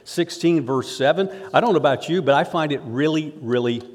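Earnest pastor preaching in a reverberant hall. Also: male voice, on the high side, brisk. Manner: earnest, builds to emphatic rises. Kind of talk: sermon.

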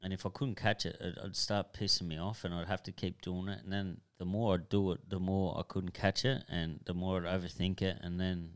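A man's voice: low voice, level tone, smooth. A man who tells his personal story as an interview guest, bluntly and with a lot of swearing, often stopping and restarting. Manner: blunt, profane, halting.

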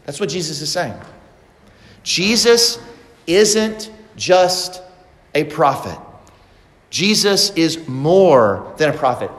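A man's voice: fairly high pitch, expressive, slow, pauses often, fairly bright tone, reverberant, big-room sound. A man preaching a sermon as pastor, asking the congregation rhetorical questions.

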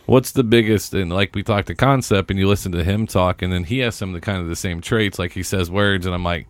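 A man's voice: low voice, brisk, dry recording. A man with an Indiana accent co-hosting a podcast in a studio, teasing the others and laughing often. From Indianapolis area, USA. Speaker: podcast co-host. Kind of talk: casual chat.

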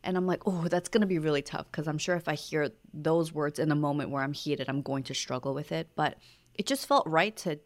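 Low-voiced woman co-hosting a podcast. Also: brisk. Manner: reflective, storytelling, soft-spoken. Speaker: podcast co-host. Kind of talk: casual conversation.

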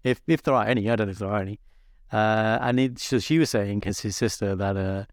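A young man co-hosting a podcast, telling stories in a casual, energetic and animated way. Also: lowish voice, brisk, no echo, studio quality. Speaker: podcast co-host. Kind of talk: casual chat.

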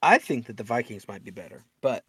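A man's voice: medium pitch, big pitch swings, a little fast, fairly bright tone, husky, dry recording, clean studio sound. A young man co-hosting a sports podcast, offhand and joking in his banter. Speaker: podcast co-host. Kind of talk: casual sports podcast chat.

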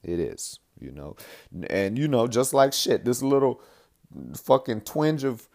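A podcast host rambles through a blunt, profane monologue, repeating himself as he goes. His mid-range voice is sing-song and a little mellow, and he speaks a little slowly.

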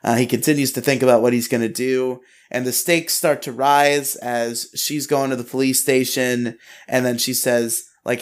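A man co-hosting a casual podcast, recapping the plot in a relaxed way with plenty of fillers. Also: mid-range voice, moderate pace, few pauses. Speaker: podcast co-host recapping episodes.

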